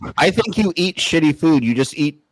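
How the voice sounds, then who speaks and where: A man's voice: a little high, expressive, a little fast, low-quality recording. A man in casual podcast banter, teasing and throwing in jokes. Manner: teasing, joking interjections. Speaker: podcast co-host.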